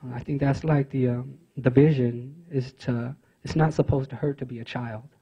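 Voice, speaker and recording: A man tells his own story to a conference audience, earnest and halting, circling back with fillers and restarts. His voice is husky and mellow at an average pitch. The recording is muffled and lo-fi. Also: fairly even intonation. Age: adult father of teenage sons. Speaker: conference speaker. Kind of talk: personal storytelling speech.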